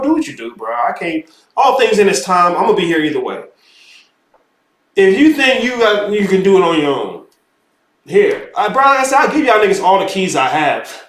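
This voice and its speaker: Animated, high-pitched man lecturing emphatically. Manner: emphatic, profane, keeps saying "bro". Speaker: spiritual teacher. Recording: roomy echo.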